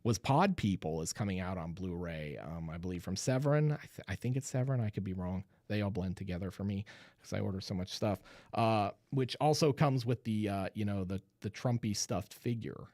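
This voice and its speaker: A man's voice: fairly low pitch, a little fast, darkish tone, no room sound, studio quality. A man hosting a live horror chat show, talking loosely with viewers, laughing often and restarting his sentences. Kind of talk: casual livestream chat.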